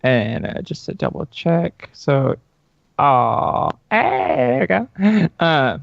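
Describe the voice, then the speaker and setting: A slow-talking man with a gravelly voice takes his turn at a tabletop game. He stops often, counting his moves aloud. The audio is dry and dull. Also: a little high, huge pitch swings, no echo. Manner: hesitant, counts moves out loud. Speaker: player. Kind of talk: casual tabletop game chat.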